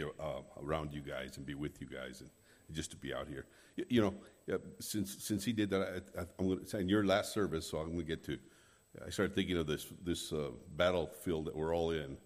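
A man from New Mexico preaching a sermon as a guest preacher, halting, with many restarts and fillers. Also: a bass voice, darkish tone, long reverb tail. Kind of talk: sermon with prayer. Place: church.

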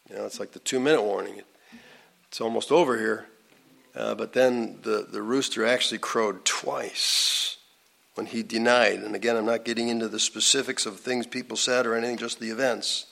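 A man giving an informal Bible teaching in a folksy, conversational way. He uses many asides and "uh" fillers, and his pitch jumps up to stress key words. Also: steady tone, moderate pace, creaky, fairly bright tone.

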